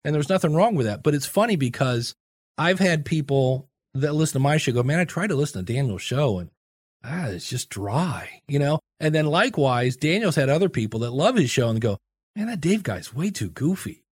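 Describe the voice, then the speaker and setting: A man's voice: a little high, lively intonation, brisk, no echo, studio quality. A man chatting as a podcast guest, goofy and full of radio-style storytelling. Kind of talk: casual chat.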